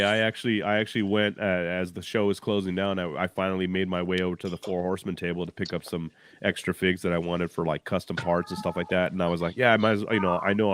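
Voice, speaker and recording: A man's voice: deep voice, slight background noise. A man chatting casually on a livestream video call, slangy with some swearing. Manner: fast slangy talk with swearing. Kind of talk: casual chat.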